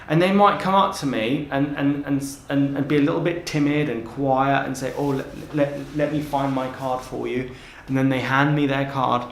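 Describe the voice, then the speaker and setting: Addressing the camera directly, a transformational coach gives energetic, emphatic advice, frequently repeating his words. His voice is on the high side, heard in a reverberant space.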